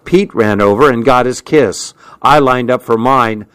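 A man narrating a story in a measured way. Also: mid-range voice, fairly bright tone, smooth, dry recording. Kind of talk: audiobook narration.

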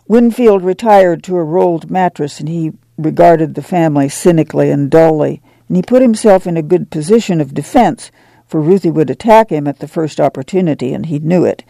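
A man narrating an audiobook in a measured, even storytelling manner. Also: a little high, vocal fry, no room sound.

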